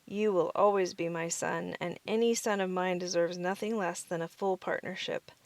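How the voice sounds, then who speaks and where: A woman voicing a kindly father mouse in a storybook reading, with a warm, fatherly manner. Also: fairly low pitch, steady tone, normal speed, no room sound, lightly acted. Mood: tender.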